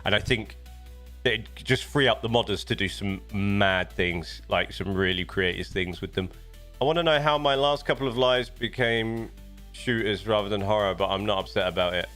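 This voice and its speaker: A man's voice: on the low side, moderate pace, fairly bright tone, soft background music. A man with a British accent chatting casually on a live stream, rambling and often restarting his sentences. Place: home desk setup.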